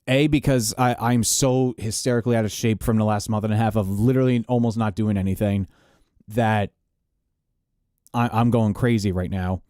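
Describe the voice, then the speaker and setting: A man's voice: lowish voice, steady tone, moderate pace, warm tone, no echo, studio quality. A man, a live sound engineer, chatting casually to his viewers while he mixes, rambling with many fillers and restarts.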